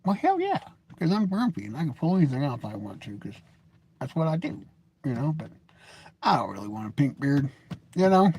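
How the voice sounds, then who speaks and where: This American vlogger in his forties sits before a webcam or phone camera, delivering a rambling, jokey, blunt monologue. His fairly high, mellow voice swings hugely in pitch, moving briskly with frequent pauses. Slight background noise is present.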